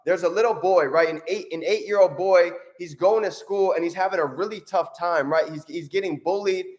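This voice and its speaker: A man hosts a motivational video, upbeat and energetic. His voice sits high. He keeps checking in with "right?" as he tells his story. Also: fairly quick. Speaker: motivational vlogger.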